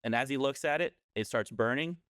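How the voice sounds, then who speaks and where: A man's voice: medium pitch, a little fast, fairly bright tone, no echo, studio quality. A man casually telling a scary story on a podcast, rambling and often correcting himself.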